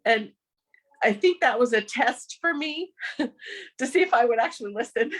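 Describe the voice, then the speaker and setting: A woman's voice: high-pitched, expressive, takes it slowly, fairly bright tone, breathy edge. A woman telling a personal story of loss in an earnest, emotional way, laughing now and then through her grief. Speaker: podcast guest.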